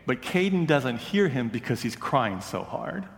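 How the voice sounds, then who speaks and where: A male pastor delivers his sermon slowly and deliberately, in a mid-pitched voice. His earnest, measured storytelling rings out with a long hall reverb. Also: big pitch swings, vocal fry.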